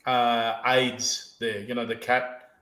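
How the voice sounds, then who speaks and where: A man's voice: medium pitch, level tone, slow, bright, forceful tone. A male podcast host in casual chat, telling stories and swearing heavily as he rambles. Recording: roomy echo.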